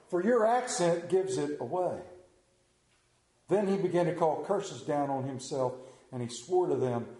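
A middle-aged man with a rural Southern American accent preaching a sermon, telling stories in a folksy, animated way with sudden quiet drops. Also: fairly high pitch, normal speed, reverberant.

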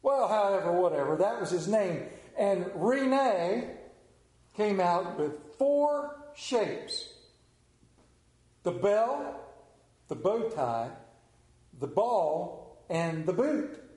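A man's voice: high voice, animated, drawn-out words, long pauses, a little mellow, reverberant, low-quality recording. A man, preaching a sermon and telling a story in a folksy, drawling manner. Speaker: pastor. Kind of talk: sermon with scripture reading and prayer.

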